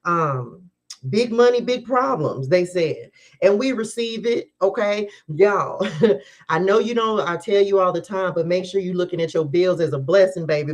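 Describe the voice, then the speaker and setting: A woman tarot reader hosting a live stream, chatting casually and with animation, laughing often and talking straight to viewers. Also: fairly low pitch.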